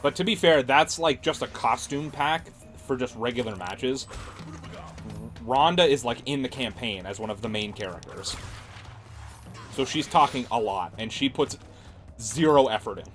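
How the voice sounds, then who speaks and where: A man's voice: mid-range voice, moderate pace, fairly bright tone, faint music behind. A man streaming games, chatting casually and ranting sarcastically with plenty of swearing. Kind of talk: casual livestream chat.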